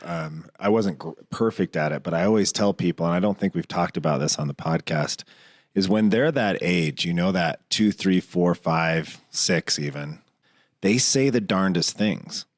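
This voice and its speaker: A man's voice: low voice, normal speed, no echo, clean studio sound. A man co-hosting a podcast, sharing a reflective thought in casual conversation. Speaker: podcast co-host. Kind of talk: casual chat.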